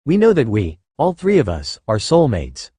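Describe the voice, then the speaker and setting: A man voicing a gentle, earnest male soldier in an audio story. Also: mid-range voice, huge pitch swings, normal speed, husky, no room sound, clean studio sound.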